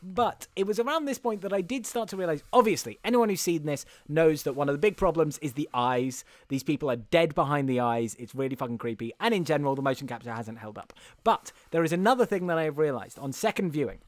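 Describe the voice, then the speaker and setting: A young man recaps a film in a loose, rambling way, full of ums and laughter. His voice sits a bit high. The recording is dry and close. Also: expressive, quick pace, dry recording. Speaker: podcast co-host. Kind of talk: casual comedic film recap.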